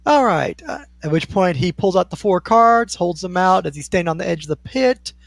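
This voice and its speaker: A man's voice: high-pitched, lively intonation, normal speed, vocal fry, dry recording. A man narrating a tabletop game as game master in an easygoing, descriptive way.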